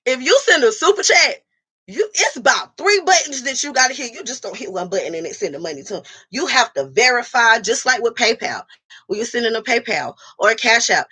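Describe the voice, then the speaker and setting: A woman's voice: fairly high pitch, animated, brisk, sharp tone, husky. A woman hosting a casual livestream and talking straight to her viewers. She is blunt and profane and speaks. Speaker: livestream host reading chat.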